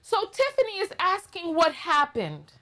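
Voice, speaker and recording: A woman's voice: extremely high pitch, huge pitch swings, moderate pace, a bit bright. A woman with a New York accent hosting a casual commentary vlog, blunt and sarcastic as she scolds her viewers. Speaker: commentary channel host.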